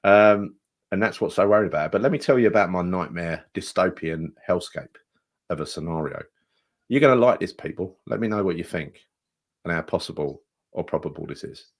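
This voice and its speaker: Sweary low-voiced football fan. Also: male voice, fairly quick. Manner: rambling, swears often, mock-dramatic. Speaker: podcast co-host. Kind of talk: casual fan chat.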